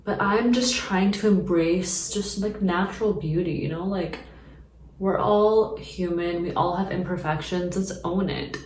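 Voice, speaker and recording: Rambling through a casual makeup tutorial with plenty of fillers, this young woman, a beauty vlogger in her young adult years, speaks on the low side at a measured pace. She's captured in an echoey room from a distant mic, with a little background noise.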